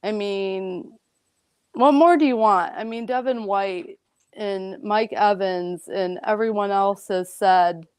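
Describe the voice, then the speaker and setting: A woman's voice: mid-range voice, slow, darkish tone, clean tone, no echo. A woman guest on a casual sports podcast, talking earnestly and getting emotional about her favorite player. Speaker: guest commentator.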